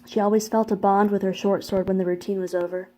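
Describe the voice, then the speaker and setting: A woman narrating a fantasy novel chapter in a measured, even storybook reading. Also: medium pitch. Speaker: audiobook narrator. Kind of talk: scripted narration.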